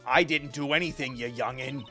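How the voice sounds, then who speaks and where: A man's voice: mid-range voice, moderate pace, sharp tone, soft background music. A man voicing a cranky old woman security guard, scolding and grumbling at young people.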